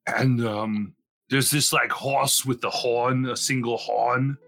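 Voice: medium pitch, steady tone, takes it slowly, creaky, fairly bright tone. A tabletop player speaking in character in a playful, joking way. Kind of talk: tabletop game role-play. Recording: faint background music.

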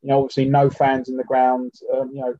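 A man's voice: mid-range voice, monotone, fast, mellow, no echo, lo-fi sound. A man talking as a podcast guest in casual football chat, rambling and leaning on fillers and restarts.

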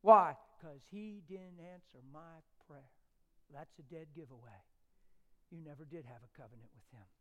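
Middle-aged preacher guy, fairly high voice, yells then drops to a whisper. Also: moderate pace. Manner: swings from loud shouting to hushed near-whisper. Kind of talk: testimony sermon.

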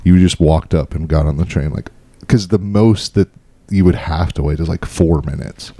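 Deep-voiced laid-back guy chatting. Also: normal speed, dark tone, no room sound. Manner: laid-back, says "like" a lot, laughs often. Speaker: podcast co-host. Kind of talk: casual chat.

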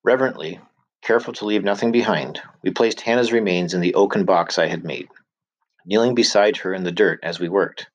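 A man reading a novel chapter aloud as an audiobook narrator, steady storytelling with voiced dialogue. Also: low-pitched, a little fast, dry recording, highs cut off. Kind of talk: scripted narration.

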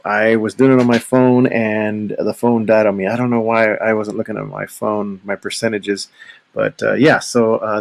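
Gravelly low-voiced man, rambling. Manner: rambling, restarts often. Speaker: podcast host. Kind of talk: casual solo podcast monologue.

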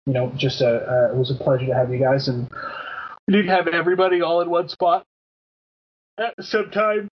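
A man in his thirties hosting a podcast in casual chat, rambling through shout-outs with many fillers and the odd swear word. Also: medium pitch, little pitch movement, fast, husky. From Canada. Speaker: podcast host. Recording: dull lo-fi podcast audio.

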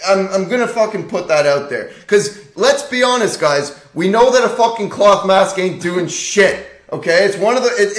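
A man's voice: sits high, a bit bright. A man co-hosting a podcast, rambling in casual chat, repeating himself and swearing constantly. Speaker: podcast co-host. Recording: roomy echo.

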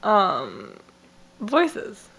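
A woman co-hosting a casual podcast who reacts with quick quips and laughs often. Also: medium pitch, wildly swooping pitch, vocal fry, a bit bright, breathy edge. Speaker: podcast co-host. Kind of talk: casual chat.

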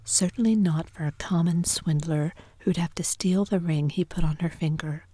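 A woman's voice: on the low side, normal speed, dark tone, no echo, lightly acted. Woman whispering as a domineering rich husband, whispered role-play. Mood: scornful. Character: brash domineering wealthy husband, man.

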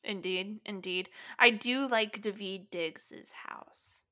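A woman co-hosts a casual podcast with a bright, clear voice. She talks in an animated, giggly way, swears casually and leans on "like" between thoughts. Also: mid-range voice, slow, no echo, clean studio sound. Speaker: podcast co-host. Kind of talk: casual chat.

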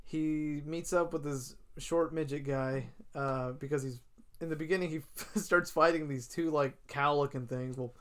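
A man in casual chat, recapping a TV episode and acting out characters' lines in quick asides. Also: on the high side, steady tone, a bit bright.

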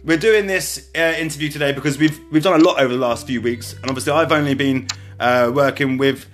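A male podcast host who talks casually and rambles, doubling back to restart his sentences. His pitch sits mid-range for a man. Faint music plays softly under his voice. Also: steady tone, a little fast. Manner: chatty and rambling, many restarts.

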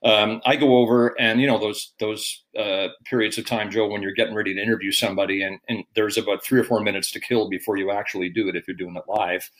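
A man's voice: lowish voice, level tone, quick pace, hardly any pauses, a bit bright, poor audio. Older man telling rambling stories. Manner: rambling, self-deprecating, quoting others. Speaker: guest, veteran hockey broadcaster. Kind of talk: casual storytelling.

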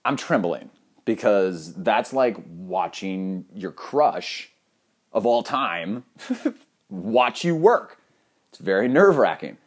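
A young man telling a funny personal anecdote in an animated, profane, self-mocking way. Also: on the low side, slow pace. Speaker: storyteller.

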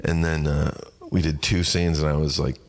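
A man's voice: rumbling low, flat delivery, moderate pace. A man hosting a podcast, rambling and self-deprecating in casual chat. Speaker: podcast host.

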